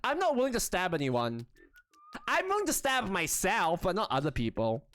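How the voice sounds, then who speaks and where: A young man livestreaming in a casual, rambling chat, excitable, often laughing and squealing, with lots of restarts. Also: high voice, moderate pace, soft background music. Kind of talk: casual live-stream chat.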